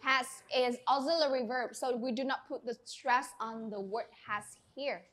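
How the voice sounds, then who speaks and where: Teacher, woman, high crisp voice, clear and encouraging. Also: fairly even intonation, moderate pace, fairly bright tone. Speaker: English teacher. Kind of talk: classroom teaching. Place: classroom.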